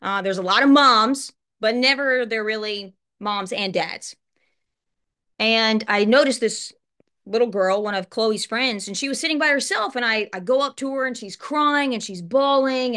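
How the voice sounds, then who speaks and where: A woman's voice: fairly high pitch, normal speed, a bit bright. A woman in her late thirties telling her own story earnestly in a motivational talk, addressing listeners with conversational asides. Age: late 30s. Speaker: life insurance brokerage partner.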